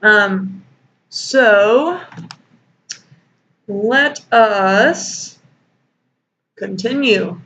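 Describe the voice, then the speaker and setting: A woman's voice: mid-range voice, very slow, long pauses, a bit bright. Sarcastic woman reading and mocking fanfiction. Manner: sarcastic, swears freely, laughs often. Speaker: host. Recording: dull lo-fi home recording with faint noise.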